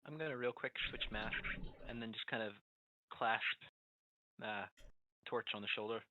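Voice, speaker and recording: A player in a tabletop game, describing a healing action in a soft-spoken way. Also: mid-range voice, moderate pace, a little hiss or hum. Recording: dull, dry, lo-fi mic.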